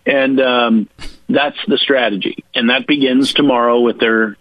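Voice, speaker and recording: A man's voice: mid-range voice, fairly even intonation, no echo. Emphatic man on a dull radio line. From Virginia. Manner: emphatic, mocking quoted voices, spells points out slowly. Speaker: political guest. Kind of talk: radio interview, argumentative explaining.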